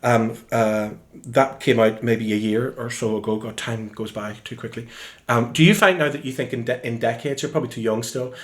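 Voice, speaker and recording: A singer-songwriter with a Northern Irish accent, telling lively anecdotes in a relaxed interview at home. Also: male voice, medium pitch, moderate pace. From Northern Ireland. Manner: lively storyteller, acts out quoted voices. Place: room in his home. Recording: echoey room.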